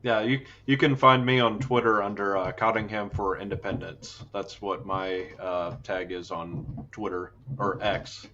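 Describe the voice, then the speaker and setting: A man from the United States speaking as a guest in an interview, earnest and measured with many fillers. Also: lowish voice, fairly even intonation, sharp tone, lo-fi sound, a little hiss or hum. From USA. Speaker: guest, think tank cofounder. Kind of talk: casual interview talk.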